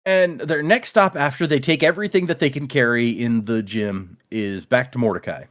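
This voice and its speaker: A man's voice: medium pitch, normal speed, a bit bright. A man hosting a casual book podcast who recaps the plot and acts out characters' lines. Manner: recaps the plot, acting out quotes. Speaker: podcast host. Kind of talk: casual book-club chat.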